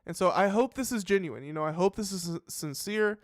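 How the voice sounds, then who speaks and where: A man's voice: high-pitched, animated, fairly quick, no room sound, clean studio sound. A man hosting a live reaction show, thinking aloud in casual commentary with many fillers and restarts. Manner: musing, hesitant, full of fillers and restarts.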